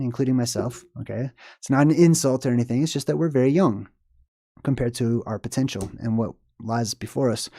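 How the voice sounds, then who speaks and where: Casting: male vlogger, mellow warm tone, digressive and emphatic, constantly asking the viewer "right?". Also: medium pitch. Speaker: movie symbolism commentator. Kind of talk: rambling solo commentary.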